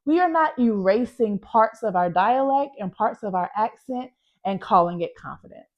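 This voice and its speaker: A woman's voice: mid-range voice, expressive, moderate pace. A Southern American woman in her thirties, a public speaking coach teaching energetically to camera, emphatic and folksy, repeating her key points. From Southern United States. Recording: muffled, lo-fi recording.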